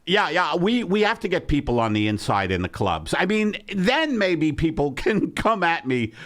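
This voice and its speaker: Man, podcast host, slightly high voice, lively intonation, rambling, exasperated banter. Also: normal speed. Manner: rambling, exasperated riffing with frequent laughs. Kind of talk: casual comedy podcast banter.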